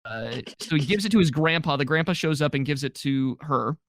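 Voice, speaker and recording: A man's voice: a little high, lively intonation, a little fast, fairly bright tone, no echo, clean studio sound. A man co-hosting a podcast, casually recapping a movie plot with jokes and mocking voices for quoted characters. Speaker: podcast co-host. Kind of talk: casual movie review chat.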